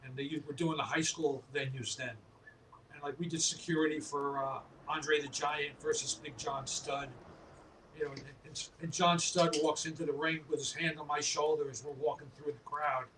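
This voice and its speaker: A man from New York tells laid-back anecdotes on a podcast, and he laughs easily as he goes. His voice sits a little high for a man. He sounds set back from the mic, with a faint hiss behind him. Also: normal speed. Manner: relaxed anecdotal storyteller, laughs often. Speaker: guest, apparel company owner. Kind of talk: casual podcast storytelling. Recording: distant mic with faint background noise.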